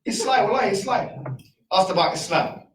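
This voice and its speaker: A man giving a casual, argumentative talk to a live audience, full of rhetorical questions and quick asides. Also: high-pitched, lively intonation, reverberant, distant mic, poor audio. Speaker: speaker.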